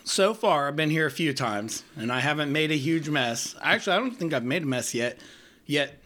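A man hosts a laid-back podcast from a friend's home. His voice sits a little high, and he jokes and laughs easily as he talks. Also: lively intonation, moderate pace, fairly bright tone, a little hiss or hum. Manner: joking, laughs often. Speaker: podcast host. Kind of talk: casual podcast chat. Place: friend's house.

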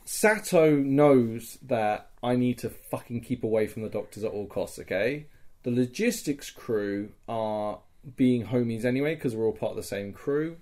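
A man's voice: mid-range voice, unhurried, darkish tone. Rambling, foul-mouthed young man. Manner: loose, rambling, swears often. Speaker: podcast co-host recounting a game. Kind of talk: casual storytelling chat.

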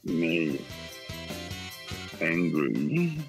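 Deep gravelly Australian man. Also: very animated, extremely slow, over music, poor audio. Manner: candid, repeats himself, restarts often. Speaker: football journalist guest. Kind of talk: casual podcast interview.

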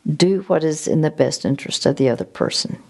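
A woman gently sharing a personal faith story and advice, speaking with halting restarts. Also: deep voice, vocal fry. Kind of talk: reflective faith testimony.

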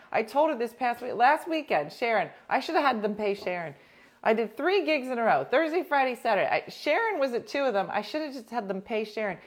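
A woman's voice: mid-range voice, lively intonation, brisk. A woman co-hosting a casual chat, telling stories about herself in a chatty, self-mocking way.

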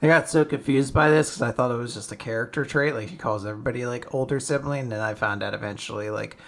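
Relaxed male podcast co-host. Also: medium pitch, fast talker, creaky. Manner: relaxed, chatty, laughs easily. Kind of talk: casual chat.

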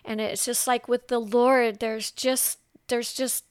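A woman's voice: on the high side, slow pace, clear, resonant tone, no room sound, studio quality. A woman guest telling her faith testimony in casual chat, acting out quotes as she goes. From California. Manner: animated storyteller, acts out quotes. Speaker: podcast guest.

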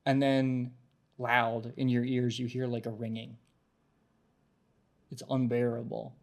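A man's voice: medium pitch, little pitch movement, takes it slowly, creaky. A man narrating a tabletop game as game master, descriptive, often restarting his sentences.

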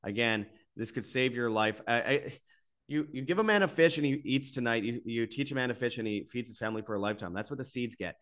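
Fast-talking and a bit bright in tone, this medium-pitched man hosts his own alternative media channel. He repeats himself in an exasperated monologue punctuated by rising bursts, then reads sponsor spots.

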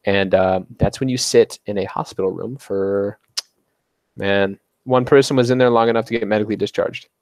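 A man's voice: fairly low pitch, moderate pace, no room sound. A young man, a podcast guest, casually telling a story and acting out the quoted lines. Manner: animated retelling with quoted dialogue.

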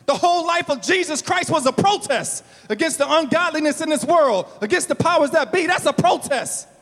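A male pastor preaching a sermon, building to shouts and slowing down for emphasis. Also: very high voice, expressive, in a large hall.

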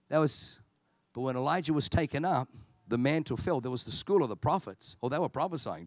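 A man from Australia preaching a sermon at a church service, in an animated storytelling style with humor. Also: medium pitch, moderate pace, dry recording, studio quality.

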